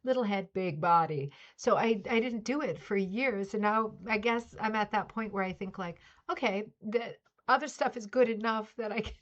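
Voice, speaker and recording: A woman's voice: mid-range voice, normal speed, few pauses. A middle-aged woman hosting a casual craft club livestream, greeting viewers by name and chatting in a friendly, rambling way. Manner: chatty, greets viewers by name, coos baby talk to her dog. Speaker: livestream host of a rug hooking club. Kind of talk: casual chat. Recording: slightly dull lo-fi livestream audio.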